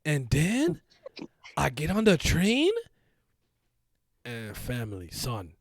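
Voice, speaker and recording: A man putting on a friend's loud, drawling storytelling voice as a joke. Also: fairly high pitch, wildly swooping pitch, slow, no room sound, clean studio sound, heavily acted. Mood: hyped. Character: friend's rambling storytelling voice, male adult, goofy.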